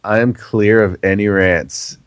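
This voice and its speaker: A man's voice: on the low side, fairly even intonation, unhurried, clean tone. A man co-hosting a podcast with a groggy morning voice, making laid-back, dry remarks. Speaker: podcast co-host. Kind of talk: casual podcast chat.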